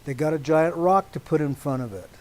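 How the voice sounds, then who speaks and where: A man preaching a teaching sermon to a congregation, deliberate and emphatic, stopping often to check that his listeners agree. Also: fairly high pitch, low-quality recording.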